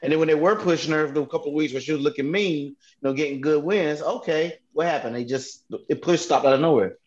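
Higher-voiced man hosting a casual chat. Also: fast. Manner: animated, teasing, leads the questions. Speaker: podcast co-host. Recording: lo-fi, dull audio.

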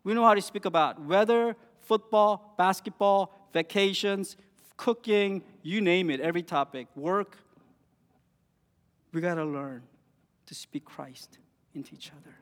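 High-voiced man preaching in a hall. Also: unhurried. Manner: earnest, rising emphatic phrases with quiet drops. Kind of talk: sermon.

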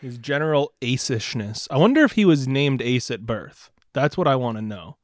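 A man co-hosts a podcast with eager, joking energy and jumps into the conversation. His voice is mid-pitched. The recording sounds dry and close to the mic. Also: lively intonation, normal speed, no room sound. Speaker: podcast co-host. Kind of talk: casual chat.

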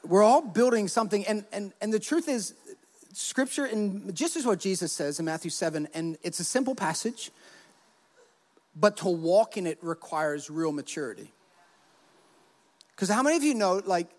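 Brief: male pastor, high voice, lively storyteller, church hall reverb. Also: moderate pace, faint music behind. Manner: animated storytelling, acts out quotes. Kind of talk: sermon with personal stories.

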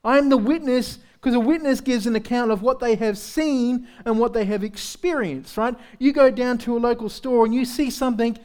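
A pastor preaching a sermon in a candid, conversational way, with self-deprecating humor and frequent rhetorical questions to the congregation. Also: male voice, very high voice, normal speed, hardly any pauses, darkish tone, clean tone. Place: church service.

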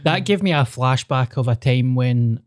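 A man's voice: mid-range voice, moderate pace, no room sound, studio quality. Sweary Scottish man telling stories. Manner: sweary, animated storyteller. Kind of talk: casual storytelling chat.

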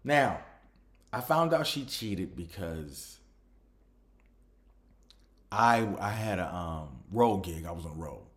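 In a low voice, slowly and with frequent pauses, a man hosting a podcast shares a personal story. His manner is casual and animated, with many restarts.

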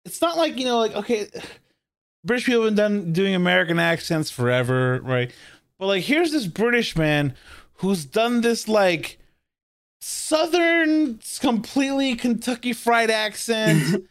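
A man co-hosting a casual chat, rambling and animated with many restarts. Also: sits high, unhurried. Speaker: podcast co-host.

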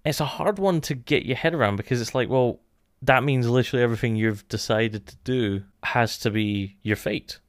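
A man talks through a show review in a loose, musing way, stacking "like" between his thoughts. His voice is smooth and clear. The sound is dry and close, with no room echo. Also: mid-range voice, normal speed. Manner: thoughtful, musing, many "like" fillers. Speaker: podcast co-host. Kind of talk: casual review chat.

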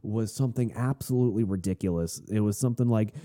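A man's voice: fairly low pitch, fast, few pauses, warm tone. A man hosting a podcast, telling a long anecdote in a rambling, wry, self-deprecating way. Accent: none, non-Southern American. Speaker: podcast host. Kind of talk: casual anecdotal storytelling.

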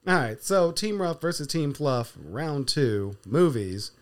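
A man's voice: fairly high pitch, slow pace. A man hosting a podcast, steering segments in playful casual chat. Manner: runs the segments, lively and playful. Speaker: podcast host.

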